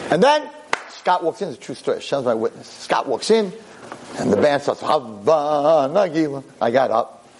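A male rabbi recounts a story to listeners in a lively, wry way, cutting himself off and jumping back in. His voice sits in a plain middle register, with a soft hum of ambient noise behind it. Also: mid-range voice, normal speed, poor audio. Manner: animated, self-interrupting, wry. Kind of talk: storytelling talk to an audience.

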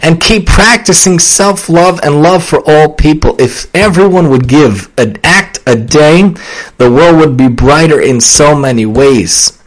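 Earnest, animated man hosting a podcast. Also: a little slow, poor audio. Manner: earnest, preachy, animated with sudden high bursts. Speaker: podcast host. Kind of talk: casual solo podcast talk.

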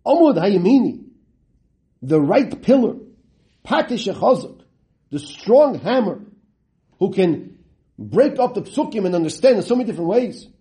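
A man teaches a Talmud lesson, reading the Aramaic and translating it line by line while posing rhetorical questions and swinging his pitch for dramatic effect. He is very animated and mellow in tone, speaking at a normal speed with long pauses.

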